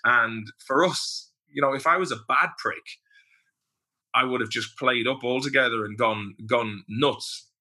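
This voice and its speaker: Bright-voiced Irish man telling stories. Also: medium pitch, unhurried. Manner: storytelling, profane, with acted-out quotes. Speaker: podcast guest. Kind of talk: casual chat.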